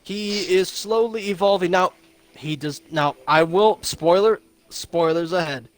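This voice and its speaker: A man's voice: high voice, measured pace, dry recording. A young man co-hosting a podcast, rambling through a movie recap, swearing and laughing. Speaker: podcast co-host. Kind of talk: casual movie review chat.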